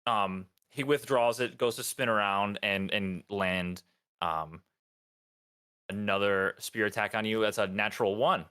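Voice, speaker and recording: A man narrating a tabletop game as dungeon master, halting and full of ums and restarts. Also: lowish voice, bright, forceful tone, clean tone.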